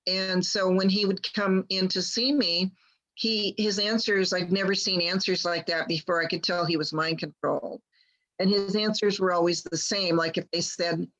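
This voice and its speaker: A guest healer tells a long personal story casually, rambling and restarting often while quoting others plainly. Her voice is on the low side and fairly bright, with a steady tone at normal speed, and the sound is lo-fi.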